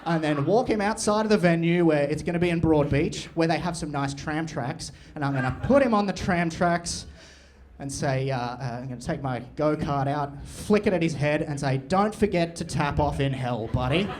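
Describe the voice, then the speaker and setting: A young man doing crude, deadpan, absurd stand-up storytelling on a comedy club stage. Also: a little high, moderate pace. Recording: live venue, room noise and audience.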